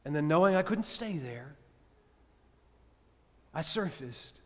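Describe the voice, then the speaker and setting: High-voiced preacher in echoing church. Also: male voice, animated, takes it slowly. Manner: dramatic shifts from loud to hushed. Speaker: priest. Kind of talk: sermon storytelling. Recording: reverberant church hall.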